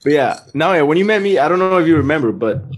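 A man's voice: on the high side, lively intonation, fast. A man from Miami chatting casually, laid-back, with casual slang. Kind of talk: casual chat.

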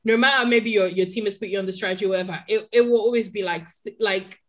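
Woman, podcast co-host, casual chat, mid-pitched, chatty, laughs easily. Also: fast talker, a bit bright. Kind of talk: casual chat about motor racing.

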